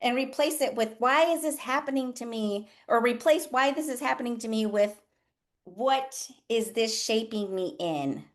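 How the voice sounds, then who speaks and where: A woman's voice: a little high, moderate pace. A woman nurse coach hosting a casual livestream, frank and profane, laughing often as she talks. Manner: animated, voices others in quotes. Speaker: nurse coach and live session host.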